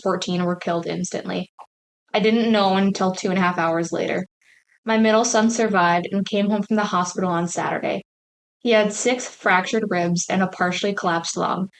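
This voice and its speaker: A woman's voice: medium pitch, poor audio. A woman hosting a paranormal podcast, chatting casually and reading a story aloud cold, with sympathetic reactions. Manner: reads unrehearsed, sympathetic reactions. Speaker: podcast host.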